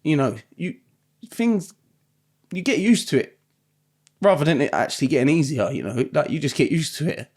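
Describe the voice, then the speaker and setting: A man, a podcast guest, talking in a halting, tearful way that trails off into near-silence. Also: a little high, animated, a little mellow. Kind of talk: emotional podcast conversation.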